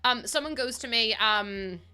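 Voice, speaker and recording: A woman's voice: on the high side, unhurried, pushed and bright, smooth. A young woman livestreaming, chatting casually and self-mockingly with her viewers while she plays a game.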